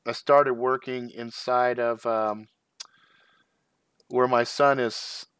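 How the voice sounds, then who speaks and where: A man's voice: mid-range voice, steady tone, takes it slowly, a bit bright, clear, resonant tone, dry recording, clean studio sound. Rambling, profane middle-aged man. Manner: rambling, profane, laughs often. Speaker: channel host. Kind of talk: casual live-stream chat.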